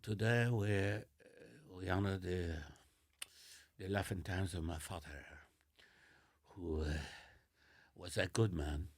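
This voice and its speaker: A man voicing a solemn Frenchman eulogizing his father, in a hushed, mock-serious French accent. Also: low-pitched, fairly even intonation, slow, pauses often, no echo, studio quality, voice pushed down, full character voice.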